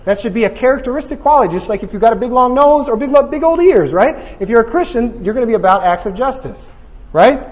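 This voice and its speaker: A man teaching a Bible study group in a lively, joking way, often checking in with "right?". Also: very high voice, fast talker, long reverb tail.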